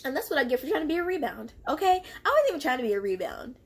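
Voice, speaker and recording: A woman's voice: sits high, rapid-fire. A young woman casually telling a story from her own past, acting out the lines of the people in it. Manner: animated and confrontational, acting out quoted lines. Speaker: storyteller vlogger.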